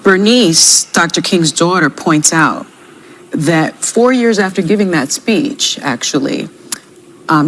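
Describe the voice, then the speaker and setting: A woman making a measured, pointed argument in a televised debate and quoting her sources. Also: on the low side, fairly bright tone, slight background noise, rough recording. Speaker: TV panel guest.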